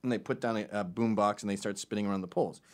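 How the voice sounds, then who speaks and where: A man's voice: on the low side, steady tone, racing. A middle-aged man doing a profane, sardonic comedy monologue.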